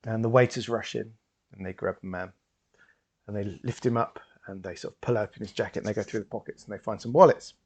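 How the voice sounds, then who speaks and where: A man's voice: fairly low pitch, quick pace, lo-fi sound. Male game master narrating a tabletop game. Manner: relaxed storytelling with frequent fillers.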